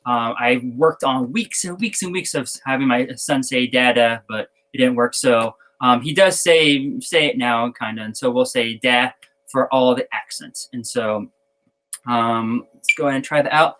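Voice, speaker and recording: Male drum teacher in a casual online lesson; middle pitch, easygoing, counts off and chants syllables in rhythm. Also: normal speed. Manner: relaxed, rambling with fillers and self-corrections. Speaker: percussion teacher.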